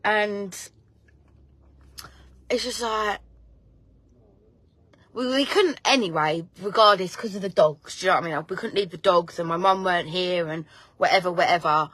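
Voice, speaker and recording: A chatty woman, rambling casually and swearing as she talks. She sounds relaxed and easygoing, and her laughs break into her lines. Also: on the low side, moderate pace, long pauses, no room sound. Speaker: host. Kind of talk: casual chat.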